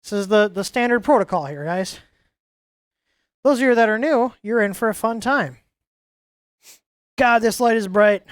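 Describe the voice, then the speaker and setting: A woman's voice: on the high side, moderate pace, long pauses, no echo, studio quality. A woman hosting a live stream, chatting casually and ranting in exasperation, often stumbling and repeating words.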